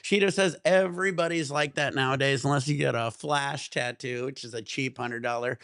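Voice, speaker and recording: A man's voice: medium pitch, steady tone, moderate pace, a bit bright, smooth, no echo, clean studio sound. A man hosting a livestream, ranting in an exasperated, profane way. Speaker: livestream host.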